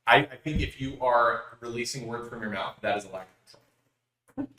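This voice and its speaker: A man's voice: mid-range voice, brisk, bright, forceful tone. A man co-hosting a podcast, arguing his point in casual debate, cutting in often and restarting sentences. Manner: argumentative, interrupts, hesitant restarts. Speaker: podcast co-host. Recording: roomy echo.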